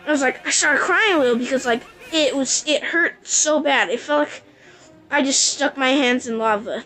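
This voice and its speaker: A woman's voice: sits high, a bit bright, low-quality recording. A woman vlogger telling a rambling personal story casually, full of "like". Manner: rambling, breathless retelling with many likes. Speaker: gaming vlogger.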